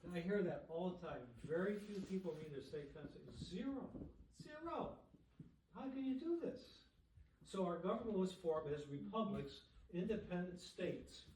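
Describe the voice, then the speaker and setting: At a society dinner in a banquet room, a middle-aged or older man with a fairly high voice delivers a lively speech at normal speed, tossing questions to the audience. He's positioned far from the mic in a reverberant space, with a faint hiss underneath.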